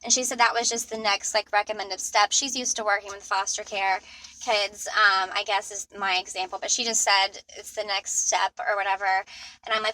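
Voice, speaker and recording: A woman's voice: mid-range voice, steady tone, brisk, bright, forceful tone, rough recording. A woman recording a personal vlog in her car, talking in an upset, rambling way with many restarts. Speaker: mother in a custody dispute. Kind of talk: personal vlog while driving.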